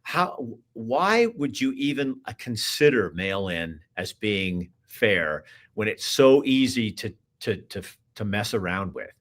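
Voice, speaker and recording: A man's voice: lowish voice, big pitch swings, takes it slowly, hardly any pauses, fairly bright tone. A man hosting a political talk show, speaking emphatically with many restarts and a preachy, exhorting manner. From Oregon. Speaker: host. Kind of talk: political talk show, reading viewer comments.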